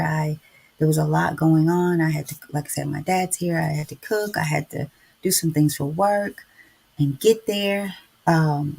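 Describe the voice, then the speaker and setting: A woman's voice: sits low, vocal fry, husky. A middle-aged woman, hosting a casual devotional live-stream chat and preaching to listeners. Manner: chatty, preachy, keeps addressing listeners as y'all. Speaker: podcast host.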